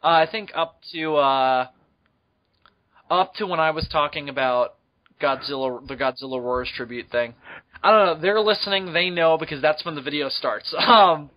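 A young man with a fairly high voice, chatting on a podcast and breaking into giggles between sweary anecdotes. The recording sounds dull and lo-fi. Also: normal speed. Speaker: podcast co-host. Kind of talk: casual podcast chat.

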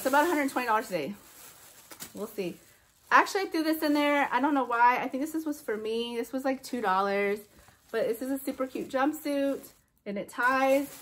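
A young adult woman chatting excitedly in a casual haul vlog, gushing over her finds. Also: on the high side. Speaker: reseller vlogger.

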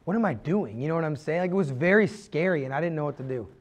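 A man's voice: fairly high pitch, lively intonation, fast talker. A young man telling his own story on a podcast, earnest and confessional, rambling with many fillers and restarts. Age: young adult. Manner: rambling, heavy use of "like" and restarts. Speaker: podcast guest.

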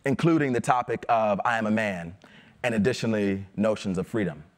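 A photographer giving a conference talk about his project, measured and explanatory, with a few fillers. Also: fairly low pitch.

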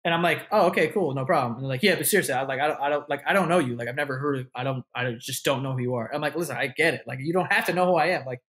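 A man's voice: medium pitch, rapid-fire, few pauses, fairly bright tone. Young new guy on a podcast, cursing a lot, doing little voices of people in his stories. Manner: swears freely, acts out quoted voices. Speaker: podcast guest. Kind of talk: casual interview storytelling.

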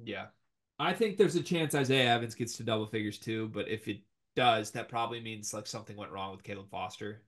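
A young man co-hosting a casual sports talk show, animated and opinionated as he ranks players, with the hiccups. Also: lowish voice. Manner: animated, opinionated, quick rankings. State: has the hiccups. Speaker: podcast co-host.

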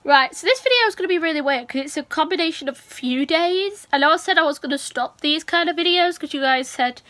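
A woman's voice: high-pitched, lively intonation, fast, fairly bright tone. A young woman, chatting casually to camera as a vlogger, rambling with lots of restarts and a cough.

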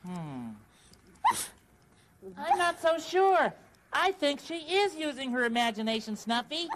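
A big, gentle male bird with a high, sunny voice, patiently coaching kids through a pretend game on a children's puppet show. A faint hiss sits under the recording. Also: very animated, unhurried, heavily acted. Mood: reassuring. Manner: friendly, patient teacher voice. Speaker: leader of a kids' club.

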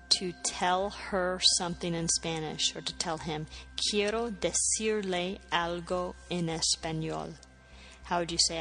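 A woman's voice: fairly low pitch, a bit bright. A woman teaching a Spanish lesson, patiently repeating phrases and spelling words out letter by letter. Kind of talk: language lesson.

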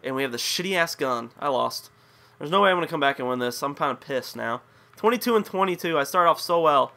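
Ranting young man, bright lively voice. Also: on the high side, fast talker, vocal fry. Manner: frustrated, swearing, ranting at the game. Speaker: gaming commentator. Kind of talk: live gameplay commentary.

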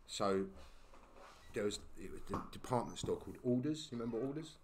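A man, a podcast guest telling stories in casual talk, animated and full of slang and tag questions. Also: mid-range voice, brisk, noisy background. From England. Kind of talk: casual storytelling.

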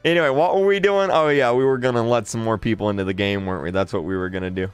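A man's voice: fairly low pitch, fast talker, clean tone, dry recording, faint music behind. A man streaming live and reading his chat aloud. He is exasperated, repeats himself, stammers and breaks into laughs. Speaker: livestreamer. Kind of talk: livestream chat commentary.

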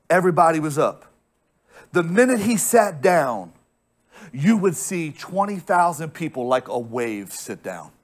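An American pastor preaching with emphatic storytelling, his voice sitting fairly high for a man. He doubles back on words as he builds a point. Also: vocal fry. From United States. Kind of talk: sermon.

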